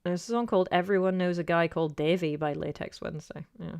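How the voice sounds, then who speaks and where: Woman streamer, slightly low pitch, loose digressive chat, dry self-mockery. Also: fairly even intonation, quick pace, creaky, a little mellow, clean tone. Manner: chatty, digressive, self-deprecating. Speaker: YouTuber reading live chat. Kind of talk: casual livestream chat.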